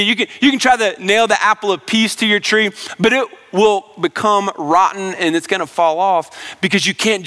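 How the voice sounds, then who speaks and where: Earnest high-voiced male pastor. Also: a bit bright. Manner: earnest, repeats "now listen", asks rhetorical questions. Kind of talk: sermon.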